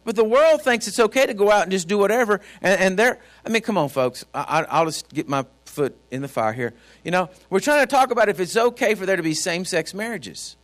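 A man's voice: sits high, lively intonation, a little fast, few pauses, a bit bright. A man preaching a sermon as a pastor, folksy and storytelling, speaking directly to his congregation. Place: church.

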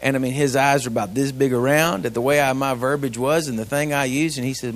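A man's voice: mid-range voice, fairly even intonation, quick pace. Folksy preacher man, conversational. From grew up on a ranch. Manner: folksy, conversational, with rhetorical questions to the congregation. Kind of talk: sermon.

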